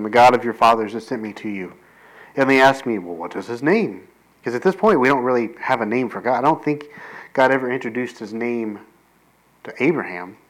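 A man's voice: mid-range voice, fairly bright tone, rough recording. A male pastor giving a conversational sermon, reading scripture and breaking into casual asides. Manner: conversational, jokey asides with frequent "right?" and "like"; reads scripture aloud, then explains it.

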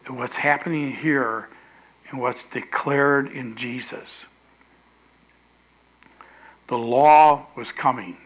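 Bright, slow-spoken male pastor. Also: mid-range voice, low-quality recording. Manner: animated, repeats phrases, acts out quotes loudly. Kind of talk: sermon.

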